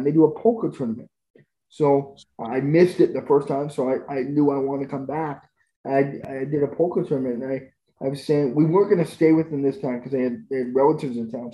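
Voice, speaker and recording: Guy on a podcast gushing about stuff, kinda high voice, echoey room. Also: muffled recording. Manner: enthusiastic, gushing about experiences. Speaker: podcast guest. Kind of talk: conversational storytelling. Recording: roomy echo.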